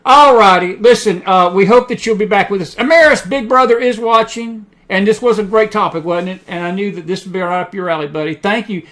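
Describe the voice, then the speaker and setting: A man's voice: high-pitched, brisk, hardly any pauses, a bit bright. A man hosting an online talk show, talking in a chatty, rambling way with many fillers and restarts. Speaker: host. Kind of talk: casual talk show monologue.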